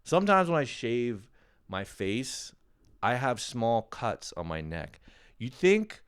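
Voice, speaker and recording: A man's voice: mid-range voice, big pitch swings, takes it slowly, clear, resonant tone. A man hosting a podcast, delivering a rambling, profane comic monologue full of "you know" and "right.". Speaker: podcast host.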